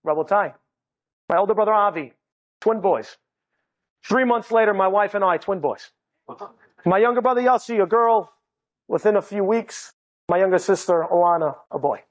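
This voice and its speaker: Brief: an animated male storyteller, humorous, speaking to a live audience. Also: high-pitched, a little fast. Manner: animated, humorous, often laughing, voices the people in the story. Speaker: inspirational speaker.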